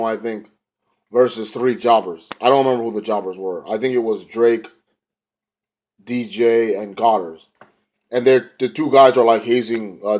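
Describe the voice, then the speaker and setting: Young man, casual wrestling recap, rambling, slangy, mid-pitched voice. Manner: rambling, slangy, mimics wrestlers in louder higher bursts. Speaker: wrestling show reviewer. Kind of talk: casual recap, retelling a show with quoted voices.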